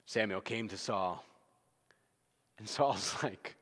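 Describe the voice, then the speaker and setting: A male pastor preaching an evening sermon, earnest and expressive, dropping from loud to hushed. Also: lowish voice, slow. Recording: long reverb.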